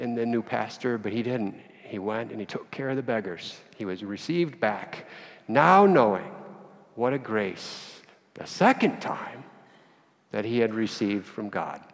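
Gravelly male preacher, animated storyteller, long church reverb. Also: mid-range voice, unhurried. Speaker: priest. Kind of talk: sermon storytelling.

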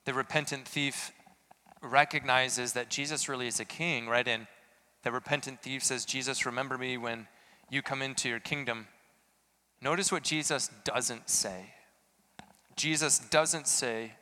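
A man delivering an earnest sermon with a bright, crisp, resonant voice. He asks searching questions and rises to emphatic peaks. His words ring out with the long reverb of a large church hall. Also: medium pitch. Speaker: preacher.

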